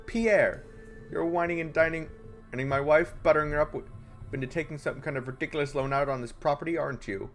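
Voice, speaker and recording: A man voicing a jealous, pompous middle-aged police vice commissioner from a game, shouting loud accusations. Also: fairly high pitch, fairly even intonation, brisk, soft background music, close to an everyday voice. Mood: blustering.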